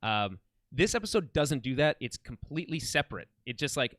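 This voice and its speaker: A man's voice: mid-range voice, sing-song, a little fast, a bit bright, dry recording. A man co-hosting a podcast, chatting casually and enthusiastically about a TV series, often restarting his sentences. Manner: rambling, enthusiastic, many restarts. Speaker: podcast co-host. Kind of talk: casual film and TV chat.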